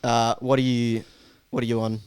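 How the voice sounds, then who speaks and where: A man's voice: mid-range voice, flat delivery, normal speed, darkish tone, clear, resonant tone, no room sound. A man, quizzing his podcast co-hosts in casual banter and laughing often. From Australia. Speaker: podcast co-host running a quiz.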